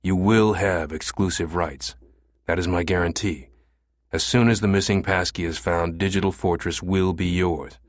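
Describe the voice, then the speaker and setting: A man voicing a calm, cold American conspirator who talks in a quiet, soothing way in an audiobook. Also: deep voice, a little fast, no echo.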